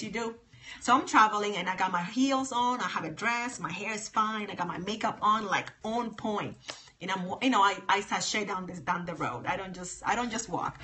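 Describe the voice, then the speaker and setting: A woman's voice: medium pitch, normal speed, pushed and bright, slight background noise. A woman chatting live with viewers on her phone, emphatic and sassy, repeating her points. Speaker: livestream host. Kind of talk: casual livestream chat with viewers.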